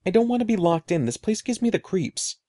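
A man voicing a nervous young boy who pleads and stammers in a shrill voice. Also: sing-song, measured pace, vocal fry, warm tone, dry recording, clean studio sound, heavily acted. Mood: panicked. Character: frightened young boy, little brother, nervous and whiny.

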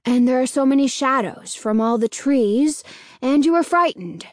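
A woman voicing a gentle, concerned young boy who speaks softly and carefully. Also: high voice, lively intonation, moderate pace, no echo, clean studio sound. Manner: soft, worried, careful.

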